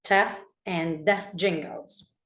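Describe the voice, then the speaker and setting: Lady teacher going over letter sounds real slow, echoey room. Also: low-pitched, steady tone. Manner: slow, drills sounds, switches to Arabic to explain. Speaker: English teacher. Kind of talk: phonics lesson for young children.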